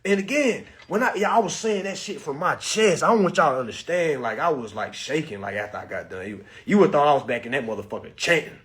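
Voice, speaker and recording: Man, high voice, swinging pitch, casual profane storyteller talking straight to his viewers. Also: fast, hardly any pauses. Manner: animated, profane, addresses viewers as y'all. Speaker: vlogger.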